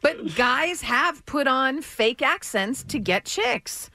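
A woman co-hosts a radio show and chimes in with quick reactions and teasing questions. Her voice is bright and slightly high, with lively pitch. The studio sound is dry. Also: dry recording. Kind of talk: casual radio banter.

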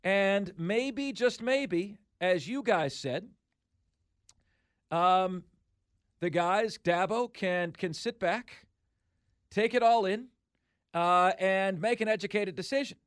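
A man with a notably high speaking voice holds forth as a sports talk radio host, emphatic and opinionated. He drives his points home by repeating them. The sound is close and dry, with no room around it. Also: slow, pauses often, clear, resonant tone, no echo.

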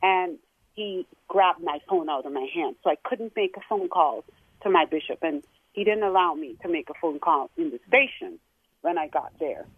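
A woman calling in and recounting her experience in an emotional, halting way. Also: fairly low pitch, expressive, husky, no echo. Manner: tearful, halting. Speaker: caller. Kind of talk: emotional phone-in account. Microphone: telephone. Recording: tinny phone line.

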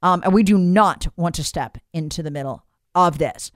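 A woman's voice: lowish voice, moderate pace, no room sound, studio quality. A woman delivering an opinionated political monologue to her audience, emphatic and incredulous, often addressing listeners as folks. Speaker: political commentator.

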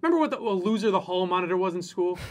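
A man's voice: sits high, lively intonation, rapid-fire. A man co-hosting a casual chat, ranting with plenty of profanity and mocking people in exaggerated voices. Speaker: podcast co-host.

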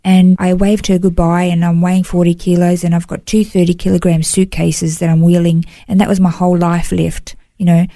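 Woman telling her story in an interview, mellow voice, dry close sound, keeps saying you know. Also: fairly low pitch, flat delivery, brisk, hardly any pauses, dry recording. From Australia. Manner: earnest, emotional storytelling with frequent "you know". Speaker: interview guest. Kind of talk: personal testimony in an interview.

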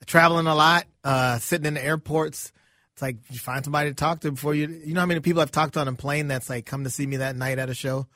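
A man who is a comedian, talking as a guest on a studio show, easygoing and quick to laugh. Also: a little high, fairly even intonation, sharp tone, no echo. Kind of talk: casual studio interview.

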